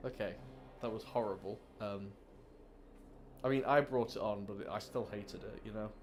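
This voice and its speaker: A man's voice: lowish voice, moderate pace, a little mellow, soft background music. A man hosting a let's play, chatting casually and rambling with many restarts. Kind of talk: casual gameplay commentary.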